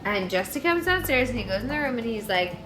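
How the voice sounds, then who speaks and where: A tipsy woman retelling a story in an animated, rambling comedic way. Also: fairly high pitch, a little fast. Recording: echoey room with music.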